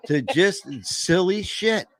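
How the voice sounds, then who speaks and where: A man's voice: sits high, expressive, slow pace, a bit bright. A man hosting a casual online talk show, talking loosely with many restarts. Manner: rambling, with many fillers and restarts. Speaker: host. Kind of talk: casual chat.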